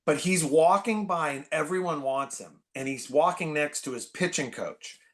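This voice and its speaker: A man in his forties from the Bay Area, a podcast guest telling stories in an animated, rambling way full of "like". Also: a little high, moderate pace. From San Francisco Bay Area. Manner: animated, filler-heavy, constant "like". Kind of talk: casual storytelling chat.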